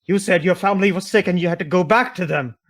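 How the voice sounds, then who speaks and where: A man's voice: high voice, fast talker, a bit bright, voice pushed up. A man voicing a shocked, accusing tiefling mage woman in a tabletop game. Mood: indignant.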